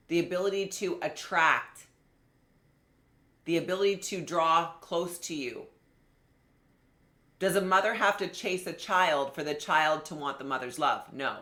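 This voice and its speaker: A woman business coach teaching a live online masterclass, talking in an animated, conversational way and speaking straight to her viewers. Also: low-pitched, roomy sound.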